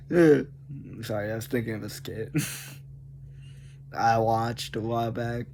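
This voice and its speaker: A man's voice: medium pitch, steady tone, slow, long pauses, darkish tone, slight background noise. A man making a video, chatting casually and rambling, laughing often and joking at his own expense. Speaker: video creator. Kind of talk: casual chat about a video game.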